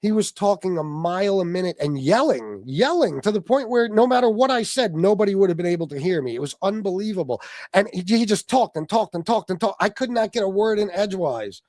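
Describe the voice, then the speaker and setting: A man hosts a livestream in casual, profane chat, laughing often as his pitch leaps high and drops low. His voice sits a little high and sounds close and dry, with no room echo behind it. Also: fairly quick. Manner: loud, animated, swearing, laughs often. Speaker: livestream host.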